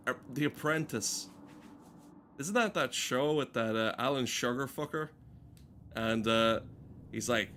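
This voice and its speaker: A man's voice: medium pitch, unhurried, a bit bright, slight background noise. A man giving casual, joking commentary while playing a game, rambling and swearing often. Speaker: gaming streamer. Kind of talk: casual let's play commentary.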